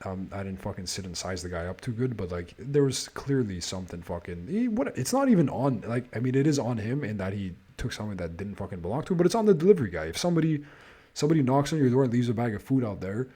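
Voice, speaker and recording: A man's voice: medium pitch, sing-song, fast talker, mellow. A man hosting a podcast, telling a casual story, swearing nonstop and sounding exasperated as he restarts his sentences. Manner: profane, swears constantly. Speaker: podcast host.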